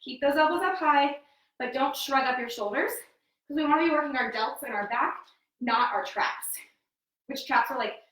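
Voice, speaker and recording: An upbeat woman fitness coach talks through her exercises at home, calling out form cues while she works out. She sounds a bit winded and sits somewhat away from the mic. Her voice is a touch high and rings in a very echoey room. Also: normal speed, fairly bright tone, recorded from a distance. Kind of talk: live workout instruction.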